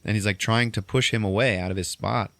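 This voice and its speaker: Guy rambling through a movie plot, swears a ton, lowish voice, dry mic. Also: steady tone, fairly quick, creaky, fairly bright tone, dry recording. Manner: profane, rambling storytelling with fillers. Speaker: podcast host. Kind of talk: casual movie recap.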